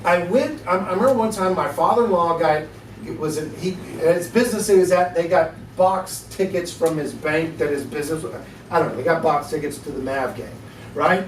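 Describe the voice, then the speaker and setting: A man teaching apologetics in a relaxed class, telling an anecdote with laughs and acted-out dialogue. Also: fairly high pitch, fairly quick, slight background noise. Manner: chatty, laughing storyteller, acts out dialogue. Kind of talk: casual classroom talk with anecdotes. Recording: echoey room, mic at a distance.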